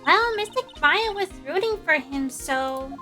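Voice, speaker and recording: A polite, earnest little girl, as a woman puts her on, pitched very high and bright. She speaks sweetly and gently, at an unhurried pace. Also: lively intonation, soft background music, full character voice.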